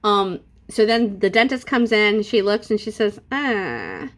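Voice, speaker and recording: Her mid-range voice stays steady at a moderate pace as this middle-aged vlogger talks unscripted from home. She's sassy and chatty with her audience, quoting people in exaggerated voices.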